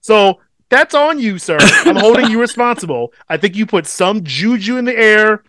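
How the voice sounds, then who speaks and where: A man co-hosting a podcast, telling a story in casual chat, swearing constantly and animated. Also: high-pitched, moderate pace, no echo, clean studio sound. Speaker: podcast co-host.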